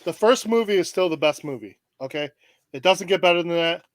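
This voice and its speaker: A man's voice: sits high, expressive, brisk, no room sound. A man co-hosting a casual podcast, emphatic and using fillers like "um" and "you know". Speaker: podcast co-host. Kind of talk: casual chat.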